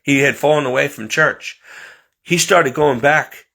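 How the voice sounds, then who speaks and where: A man from Connecticut telling a rambling, animated personal story, acting out what others said. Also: on the high side, a little slow, vocal fry. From Connecticut, USA. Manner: rambling, animated, acts out quotes. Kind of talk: personal anecdote monologue.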